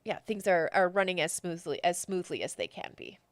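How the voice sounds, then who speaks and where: Woman game master, relaxed chatty narration, dry close mic. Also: lowish voice, a little fast, no echo. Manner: casual and chatty, with many fillers.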